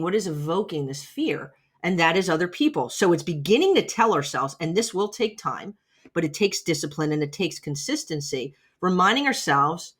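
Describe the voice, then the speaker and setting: A middle-aged woman giving a chatty, emphatic motivational talk as a podcast host, often checking in with "right?". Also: fairly low pitch.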